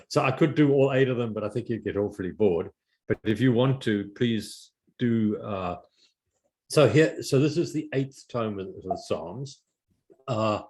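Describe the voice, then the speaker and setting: An older man giving an informal art history slide lecture, halting with many fillers and restarts. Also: mid-range voice, darkish tone.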